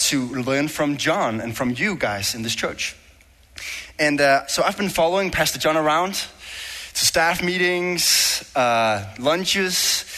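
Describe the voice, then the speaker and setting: A man's voice: fairly high pitch, pushed and bright. A young man from Denmark with a Danish accent, preaching a sermon in a joking, self-deprecating, conversational way. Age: young adult. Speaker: guest preacher. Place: church hall. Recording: long hall reverb.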